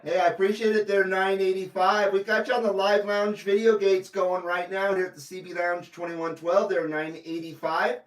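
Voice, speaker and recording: A high-pitched man works the CB radio, calling out handles and chatting in a casual, rambling way. He sits back from the mic in an echoey room, with a faint hiss underneath. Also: little pitch movement, moderate pace, hardly any pauses. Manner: friendly, repeats call numbers, rambling asides. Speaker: CB radio operator hosting a livestream. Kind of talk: casual radio call-outs and chat. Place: radio station room in Carson City, Nevada. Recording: roomy, distant mic, faint noise.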